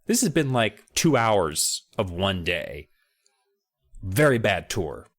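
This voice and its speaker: A man on a podcast, reading a horror book aloud with drama and then recapping it with jokes and loud shouted character lines. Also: lowish voice, big pitch swings, slow. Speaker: podcast co-host.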